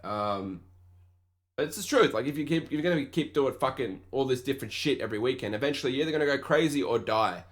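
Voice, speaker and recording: A man's voice: mid-range voice, expressive, quick pace. A young Australian man hosting a podcast, telling a story in a rambling, profane rant and mocking the people he quotes. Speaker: podcast host. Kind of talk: casual ranting monologue.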